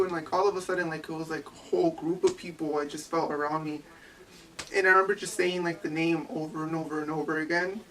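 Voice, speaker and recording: A young adult woman giving personal testimony as an interviewee, halting and full of "like" fillers. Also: low voice, fairly even intonation, a bit bright. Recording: distant mic with faint ambience.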